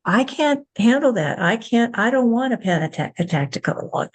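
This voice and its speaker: A woman's voice: fairly high pitch, sing-song, brisk. A woman hosting a candid podcast, speaking earnestly and reflectively, often restarting and repeating her words. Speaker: podcast host.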